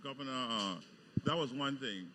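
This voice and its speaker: A man's voice: mid-range voice, moderate pace, bright, forceful tone, a little hiss or hum. A man co-hosts a live morning talk program in a mid-range voice. He talks conversationally and repeats words as he works his way into his questions. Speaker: co-host. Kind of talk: casual radio chat.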